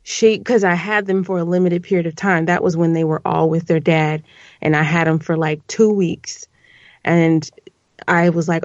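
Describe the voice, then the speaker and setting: A woman guest on a casual podcast, telling a story in an animated way, her voice climbing when she gets upset. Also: lowish voice, normal speed, no echo, highs cut off.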